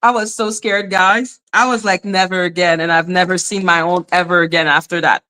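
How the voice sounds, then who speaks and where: A woman hosting a casual livestream, chatting with viewers in an animated way, laughing often and swearing freely. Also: on the low side, normal speed. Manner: animated, laughing, frequent profanity. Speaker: livestream host. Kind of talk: casual livestream chat reading comments.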